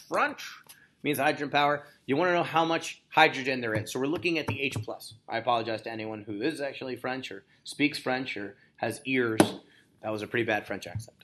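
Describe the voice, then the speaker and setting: A man's voice: a little high, pushed and bright. A man teaching biology in a recorded lecture screencast, explaining slides with jokey asides and frequent "okay?" and "right?" checks.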